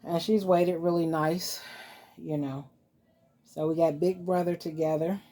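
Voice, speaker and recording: A woman's voice: low voice, fairly even intonation, measured pace, warm tone. A woman vlogger chatting casually and cooing to her dolls as she shows them off. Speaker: vlogger showing reborn dolls. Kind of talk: casual vlog chat.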